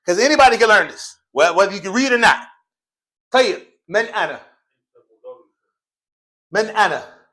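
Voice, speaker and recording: Lively, high-voiced man teaching class. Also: fairly quick, pauses often. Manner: playful, joking, laughs often; slangy casual speech. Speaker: Arabic teacher. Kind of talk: classroom Arabic lesson, call and response. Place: mosque classroom.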